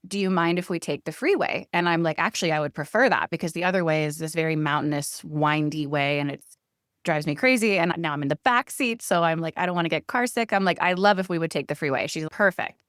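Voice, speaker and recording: Casual podcast co-host, woman, smooth and lowish, animated teller who acts out quotes. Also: a little fast, no echo, studio quality. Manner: animated storyteller, laughs often, acts out quoted lines. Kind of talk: casual storytelling chat.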